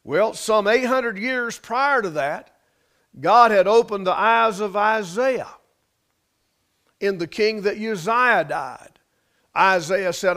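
A man's voice: sits high, takes it slowly, pushed and bright. A man preaching a sermon as pastor, building emphasis through repetition and sometimes dropping into folksy grammar.

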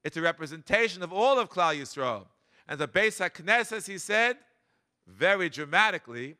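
A man's voice: high-pitched, moderate pace. A man in his seventies, a rabbi and cantor, giving a Torah lesson full of personal memories, speaking with dramatic emphasis. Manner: animated, dramatic emphasis, frequent Hebrew and Yiddish terms. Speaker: rabbi teaching a class.

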